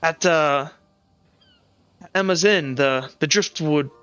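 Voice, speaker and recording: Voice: medium pitch, slow pace, fairly bright tone, clean tone, dry recording, soft background music. Gm doing a snippy twenty-something woman, bitter and jumpy, lo-fi sound. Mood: flustered. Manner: scornful, then nervous and flustered. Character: bitter, sneering young woman in her twenties.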